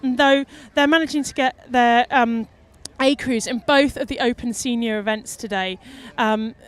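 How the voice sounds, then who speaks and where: A woman commentating live from a boat on the water, chatty, excitable and emotional. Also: on the high side, moderate pace, clean tone. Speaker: race commentator.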